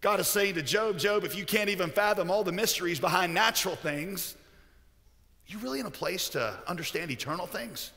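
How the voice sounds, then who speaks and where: A pastor preaching a sermon, telling stories and cracking jokes along the way. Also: male voice, high voice, animated, fairly quick, bright, forceful tone. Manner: storytelling with joking asides. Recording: echoey hall with long reverb.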